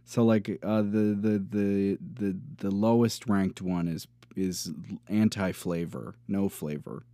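A man in casual podcast chat with a low, mellow voice. He talks in a low-key, hesitant way full of ums. The sound is dry and close. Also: fairly even intonation, slow pace, dry recording. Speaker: podcast co-host.

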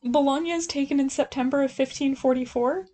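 A woman's voice: high voice, brisk, mellow. A young woman co-hosting a podcast, chatting casually and animatedly about a TV series, often laughing. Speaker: podcast co-host. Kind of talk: casual chat recapping a TV show.

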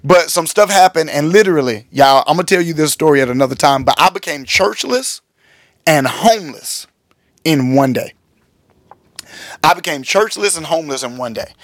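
A man who is a pastor, telling a personal story on his podcast in a candid, animated way, acting out what others said and calling his listeners y'all. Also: a little high, normal speed, dry recording, studio quality.

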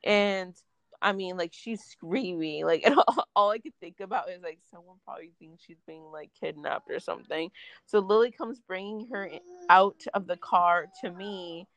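A woman's voice: on the low side, moderate pace, fairly bright tone, dry recording. A young woman telling a story in casual chat, venting with lots of filler words and swearing.

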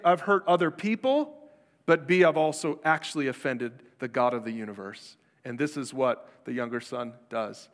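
A man's voice: on the high side, a bit bright. Man preaching in a reverberant hall. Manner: conversational preaching that acts out quoted voices. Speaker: pastor. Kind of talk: sermon.

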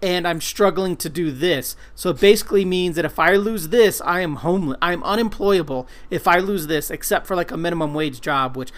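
A man's voice: sits high, fairly quick, hardly any pauses. A man co-hosting a casual podcast, rambling and swearing in a self-deprecating way. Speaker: podcast co-host, comic colorist.

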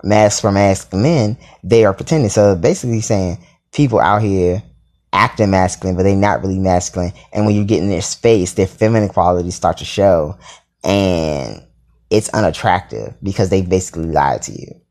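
A man telling a story in a casual, sassy and profane way, with dramatic asides and sudden jumps into a high voice. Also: normal speed, a little mellow.

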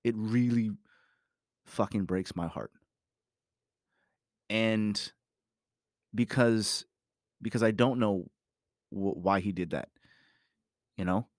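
Talking about his family, a parent rambles through a casual, emphatic personal monologue, swearing a lot and relying on "you know." His voice is lowish and slow with long pauses, captured at studio quality with no room sound.

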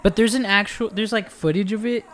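A man's voice: sits high, fairly even intonation, a little fast, fairly bright tone. A young man with a slightly raised voice hosts a casual podcast. He rambles through a story in loose, slangy talk, swearing freely as he goes. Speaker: podcast host. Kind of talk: casual chat.

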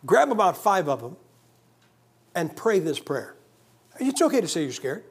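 A man's voice: high-pitched, sing-song, moderate pace, long pauses, husky. A man preaching a sermon in a church, conversational and emphatic, with joking asides. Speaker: guest preacher.

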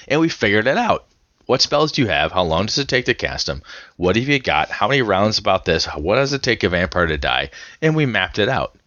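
A man with a very low voice and a bright, forceful edge to it, talking casually on a podcast. He rambles through his story, restarting sentences as he goes. The sound is dry but a little dull and lo-fi. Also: no echo. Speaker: podcast co-host. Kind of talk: casual chat about tabletop gaming.

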